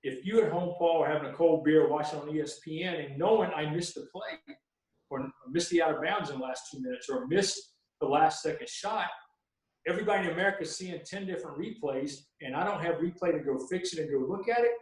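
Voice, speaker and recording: A man's voice: on the high side, fairly quick, darkish tone. A man, a veteran basketball referee, telling stories in a podcast interview and acting out what he says to coaches. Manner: folksy storyteller acting out sideline exchanges. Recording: very echoey room.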